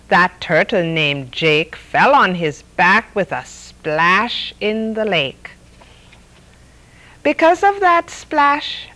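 A middle-aged woman hosting a story hour, reading picture books aloud in a lively, playful way. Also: mid-range voice, poor audio. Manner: lively, playful read-aloud with sound effects.

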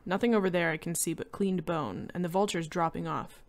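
Woman reader voicing a soothing, unruffled husband, low gravelly tone. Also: fairly even intonation, brisk, natural voice. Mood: calm. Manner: soothing, reassuring. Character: calm, amused husband, adult man. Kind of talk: reading a short story aloud.

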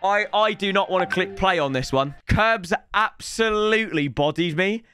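A young man, reacting loudly to match footage as a YouTuber, shouting at the screen and bantering in slang. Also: sits high, moderate pace, soft background music. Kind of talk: excited reaction commentary over match footage.

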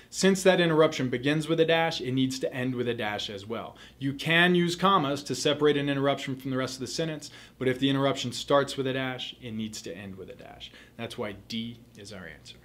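Explaining grammar rules for a test, a male tutor keeps his lesson clear and methodical, repeating the main points. His voice is mid-range and a bit bright.

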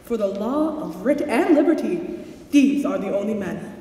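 A woman's voice: mid-range voice, animated, moderate pace, close to an everyday voice. A woman acting a pompous, long-winded old male courtier on stage, fussy and rambling. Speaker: stage actor. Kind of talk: live stage play performance. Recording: far echoey hall, faint noise.

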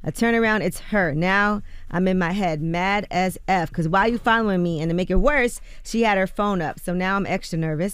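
A woman's voice: lowish voice, moderate pace, hardly any pauses, smooth, no echo. A woman co-hosting a morning radio show, reading celebrity news and quotes in a chatty way with loose fillers. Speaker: radio co-host reading the rumor report. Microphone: studio microphone.

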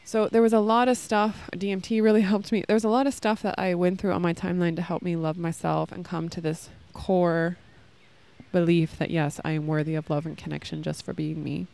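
A woman's voice: fairly low pitch, level tone, fairly quick, creaky, darkish tone. A woman in her thirties talking casually and earnestly about love and self-worth, rambling with many fillers, recorded outdoors in a park. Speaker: podcast host. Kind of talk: casual spiritual talk. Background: children playing nearby.

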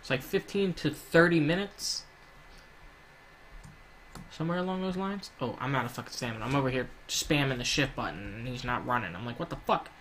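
A man talks through his gameplay in a loose, rambling way, cursing freely and slipping into heated rants. His pitch sits in an ordinary middle range. A faint hum of noise runs underneath. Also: a little fast, fairly bright tone. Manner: rambling, profane, ranting. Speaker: gaming YouTuber. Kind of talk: casual gameplay commentary.

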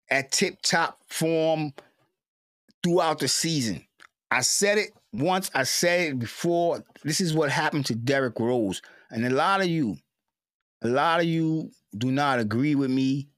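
A man's voice: a little high, fairly bright tone, no room sound, studio quality. A man giving an emotional, repetitive sports rant as a fan commentator, stammering at times.

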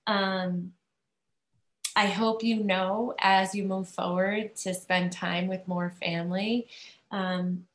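A woman chairing a video-call meeting, giving a halting, emotional farewell tribute with many pauses. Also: medium pitch, little pitch movement, echoey room. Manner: halting, many fillers, near tears. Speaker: school committee chair.

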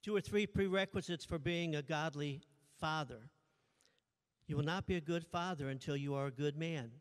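A man's voice: a little high, normal speed, smooth. A man preaching a sermon as pastor, joking playfully with the congregation. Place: church sanctuary. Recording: long church reverb.

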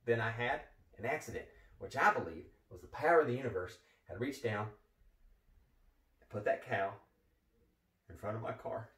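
A man's voice: fairly low pitch, animated, moderate pace, pauses often, a bit bright, recorded from a distance. A man playing an overeager retired gym teacher who wants to become a parkour motivational speaker, talking in a pep-talk style and repeating catchphrases. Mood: hyped. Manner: pumped-up pep-talk delivery, repeating catchphrases, frequent "all right?". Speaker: comedic character monologue. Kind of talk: comedy sketch monologue. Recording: echoey room, voice from off the mic.

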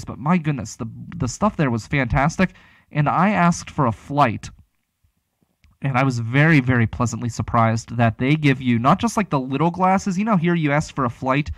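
A radio talk show host from the Pittsburgh area rambles chattily through a casual show, restarting his sentences often. His voice is a little high, and the recording is dry.

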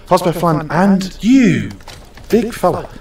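A man's voice: high voice, very animated, slow, a little mellow, distant mic, a little hiss or hum. A young man streaming a game, chatting casually and playfully bossing around the customers. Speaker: gaming streamer. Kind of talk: casual live-stream commentary. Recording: roomy echo, off from the mic.

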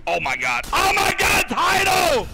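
Male streamer, excitable game commentator; high, gravelly voice, loud and profane. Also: unhurried, crowd noise, background noise. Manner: excitable, swears a lot, yells at chat.

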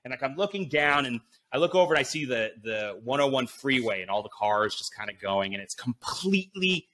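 A man guest on a podcast, telling an animated story full of swearing and fillers, acting out his own inner voice. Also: medium pitch, a little fast. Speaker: podcast guest, BASE jumper.

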